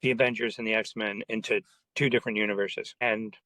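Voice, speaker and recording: A man telling lively anecdotes in a casual interview, acting out the people in his stories. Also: lowish voice, no echo, low-quality recording. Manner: animated anecdotes with quoted voices, quick asides. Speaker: interview guest, comics writer. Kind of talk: casual storytelling.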